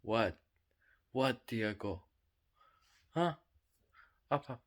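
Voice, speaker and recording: Slow-talking man coaxing his pet birds. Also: medium pitch, lively intonation. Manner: coaxing, gently scolding. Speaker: pet bird owner. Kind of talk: casual talk to pet birds.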